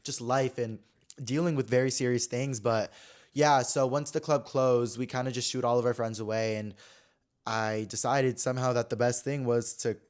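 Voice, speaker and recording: A man's voice: mid-range voice, fairly even intonation, moderate pace. A man in his twenties hosting a podcast, telling a personal story in a chatty, filler-heavy way that swings between dramatic and subdued. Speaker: podcast host. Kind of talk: casual storytelling chat.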